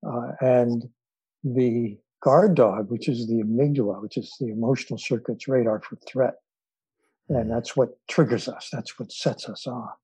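A man who is a psychologist and author, a guest on an interview podcast, telling stories thoughtfully with frequent filler pauses. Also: mid-range voice, steady tone, dark tone, slightly rough, no echo, low-quality recording. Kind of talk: relaxed storytelling in conversation.

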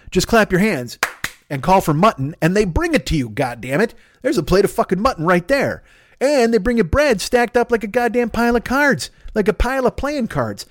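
Fast, profane comedian on a rant. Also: male voice, sits high, dry recording, clean studio sound. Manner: profane, excitable, absurdist. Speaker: comedian podcast host. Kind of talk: rambling improvised comic monologue.

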